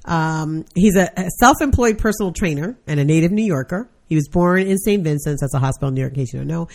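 A woman's voice: low voice, quick pace, darkish tone. A woman co-hosting a casual podcast, recounting a news story bluntly with plenty of swearing. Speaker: podcast co-host. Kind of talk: casual chat.

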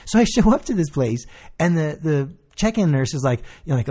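A young man telling a long story in casual chat, animated and swearing, acting out the people he quotes. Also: on the high side, a little fast, slightly rough.

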